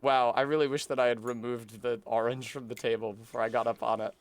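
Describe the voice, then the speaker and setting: A man's voice: medium pitch, little pitch movement, fast talker, no room sound. A man streaming a game, chatting casually with teasing, swearing banter.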